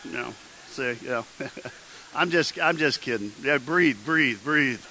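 A man's voice: medium pitch, expressive, slow, sharp tone, low-quality recording. A man preaching a sermon, telling a story with jokes and acting out the quotes. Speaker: pastor. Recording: faint hiss.

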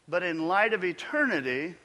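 A male pastor preaching a sermon with emphatic delivery, building to loud peaks and then dropping almost to a whisper. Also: high-pitched, very animated, moderate pace, big-room sound.

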